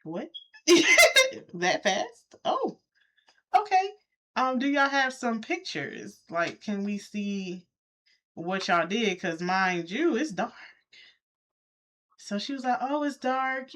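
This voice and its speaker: A woman, casually telling her viewers a story from her own life, talking straight to them and jumping up in pitch when she quotes people. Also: slow pace. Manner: animated, talks straight to viewers, jumps high when quoting. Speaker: vlogger.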